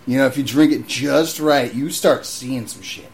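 A young man chats casually in a medium-pitched voice at normal speed. Telling a story in a loose, profane way, he stumbles over frequent restarts and acts out the voices of people in his anecdotes.

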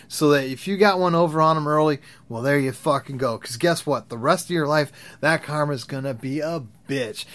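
Crude rambling man telling stories. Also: on the high side. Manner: rambling, crude, laughs at his own stories. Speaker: vlogger. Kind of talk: profane storytelling rant.

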